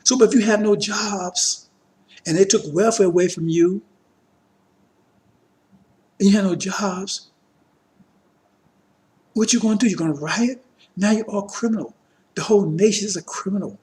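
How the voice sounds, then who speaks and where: This religious teacher has a high, slightly mellow voice, speaks at normal speed and leaves long pauses. He preaches an emphatic political lecture to a congregation, peppered with rhetorical questions and frequent check-ins with listeners.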